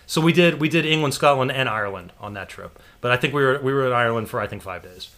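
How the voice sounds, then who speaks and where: An American man telling a long story in casual chat, animated and laughing, with some swearing. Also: mid-range voice, fast talker. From United States.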